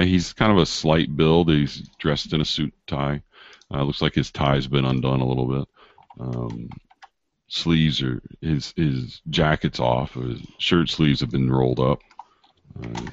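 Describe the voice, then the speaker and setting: A man running a tabletop game as game master, narrating haltingly and searching for words with many fillers. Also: extremely low pitch, fairly even intonation, no echo. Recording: dull dry lo-fi recording.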